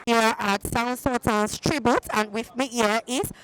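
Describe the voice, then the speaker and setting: Woman reporter on location, friendly and quick with questions. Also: on the high side, steady tone, music in the background, low-quality recording. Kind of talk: event reporting.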